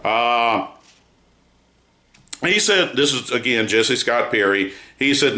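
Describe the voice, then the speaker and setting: A man giving a spoken news commentary on a court trial, measured and emphatic, with frequent pauses and fillers. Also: mid-range voice, sharp tone, reverberant. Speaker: news site founder giving a report.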